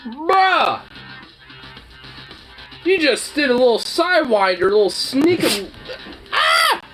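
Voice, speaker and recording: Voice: mid-range voice, sing-song, a little fast, music in the background, low-quality recording. A dog owner chatting casually to their pet dog, teasing it playfully in baby talk with swearing and laughter.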